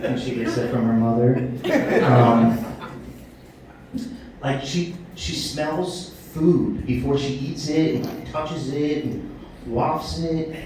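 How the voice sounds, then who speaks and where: A middle-aged man doing a stand-up set at a comedy club, blunt and profane, yelling out his put-on rants. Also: mid-range voice, slow. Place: comedy club stage with audience laughter. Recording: echoey club from a distant mic, noisy.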